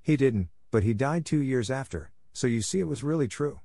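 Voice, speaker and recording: A man's voice: medium pitch, lively intonation, normal speed, mellow, no echo, studio quality, voice pushed up. A man voicing an imaginative, eager orphan girl of about eleven, talking in a breathless, dramatic rush.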